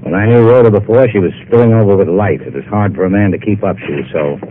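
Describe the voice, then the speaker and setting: An actor playing a tough private eye who talks in dry, sarcastic wisecracks, in 1950s radio drama acting. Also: male voice, on the low side, quick pace, close to an everyday voice. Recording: narrow-band old radio broadcast with faint hiss.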